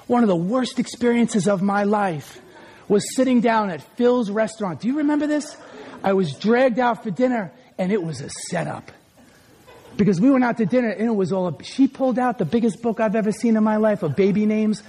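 A pastor delivers a sermon in an animated, storytelling manner, talking straight to his congregation. His voice sits very high for a man. He keeps it conversational and full of energy. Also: a little fast.

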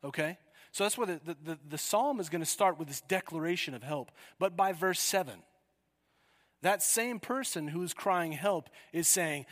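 A man preaching a sermon, telling a story with sudden loud cries. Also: on the high side, lively intonation, measured pace, in a large hall.

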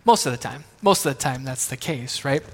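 In a mid-range voice with lively intonation, a thirty-something pastor talks a little fast through a sermon full of family stories. Conversational and self-deprecating, he jokes and asks his audience questions, his words echoing with the long reverb of a large hall.

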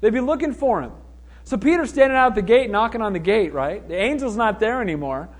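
A man preaching a sermon as pastor, animated and acting out the voices of people in the story. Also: high-pitched, a little fast.

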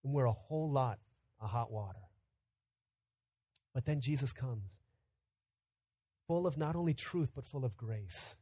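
A man in his thirties preaching a sermon, telling stories conversationally and swinging from loud urgent bursts to hushed quiet. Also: mid-range voice, measured pace, long pauses, breathy edge, no room sound. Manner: storytelling, conversational. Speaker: pastor.

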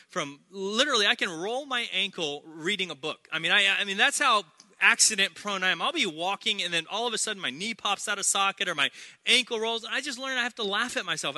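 A male pastor delivers a lively, joking sermon. His voice sits high and rings very bright and sharp, recorded close and dry. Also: no room sound. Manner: energetic, humorous preaching with repeated phrases.

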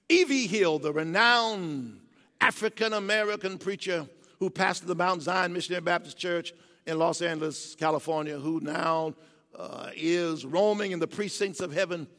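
An older man preaching a sermon, swinging from low, quiet passages to soaring, emphatic shouts. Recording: long hall reverb.

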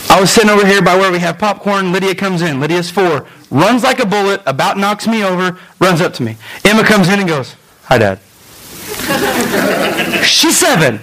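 A man, preaching a sermon in a church and speaking directly to his congregation in an animated storytelling manner. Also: sits high, fairly quick, hardly any pauses, low-quality recording. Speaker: pastor. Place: church sanctuary.

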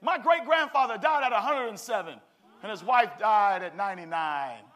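A man pastor preaching an animated sermon with call-and-response. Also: high-pitched, normal speed.

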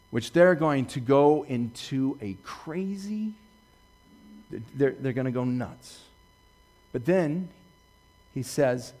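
A man preaching a sermon, retelling Bible stories with lively swings from hushed quoting to excited bursts. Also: mid-range voice, vocal fry. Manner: animated storytelling, jumping from hushed to excited; quotes scripture slowly and softly. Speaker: pastor.

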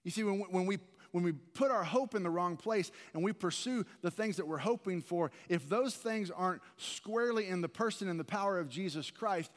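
Male pastor, earnest chatty sermon delivery, slightly high voice, long church-hall reverb. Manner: earnest, conversational preaching with repeated restarts. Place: large church sanctuary.

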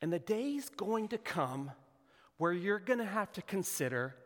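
A slightly high-voiced man preaching a lively, conversational sermon, playing out quoted lines in character voices. His voice rings through a large hall with a long reverb tail. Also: a little slow. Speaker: pastor.

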